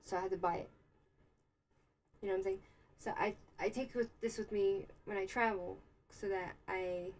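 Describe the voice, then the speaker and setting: A woman's voice: medium pitch, a little mellow, slight background noise, poor audio. A young American woman hosting a casual livestream, rambling through a story and answering chat comments. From United States. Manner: rambling, chatty, with many fillers and asides. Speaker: livestream host. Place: Israel.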